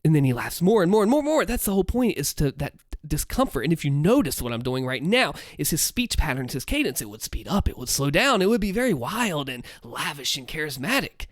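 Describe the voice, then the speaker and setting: Animated man breaking down his voice acting. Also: fairly high pitch, brisk, few pauses, dry recording, clean studio sound. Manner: animated, explains with vocal demonstrations; holds back volume late at night. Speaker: content creator explaining his voice work.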